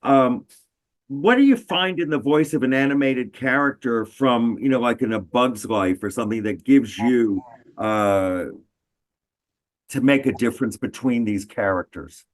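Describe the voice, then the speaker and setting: A man with a voice of middling pitch hosts an interview. He speaks earnestly and hesitantly as he asks questions and gives thanks. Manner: earnest, halting. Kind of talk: interview questions and closing remarks.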